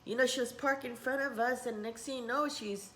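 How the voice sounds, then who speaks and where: A woman's voice: fairly high pitch, fairly even intonation, brisk, slight background noise. A middle-aged woman who teaches spiritual workshops, rambling in a casual vlog and dropping in Japanese words. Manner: rambling, warm-hearted, mixes in Japanese words.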